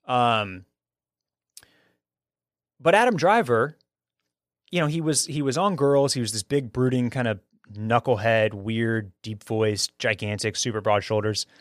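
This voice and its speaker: A man's voice: medium pitch, measured pace, long pauses, no echo. Chatty enthusiastic man, dry sound. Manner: enthusiastic, talkative, frequent restarts. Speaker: podcast host reviewing a film. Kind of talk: casual chat.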